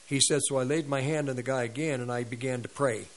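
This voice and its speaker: A man's voice: mid-range voice, fairly even intonation, fast talker, low-quality recording. A man preaching on a radio ministry, retelling a story with quoted dialogue and sound effects. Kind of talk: sermon storytelling.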